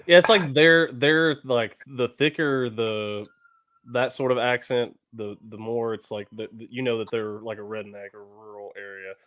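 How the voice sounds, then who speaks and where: A man's voice: mid-range voice, steady tone, normal speed, a bit bright, clear, resonant tone, dry recording. Man from the South, hesitant, restarts a lot, casual chat, dry mic.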